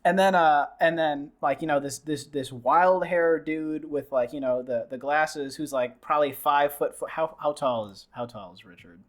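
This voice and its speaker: In a casual movie review chat, a young podcast host recaps a film, rambling along and performing the characters' dialogue. His voice leans high, and at a moderate pace he barely pauses.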